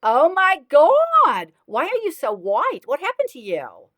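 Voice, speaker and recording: A woman voicing an excitable woman sunbather who shrieks her lines in high exclamations. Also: slow pace, no room sound, clean studio sound, full character voice. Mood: shocked.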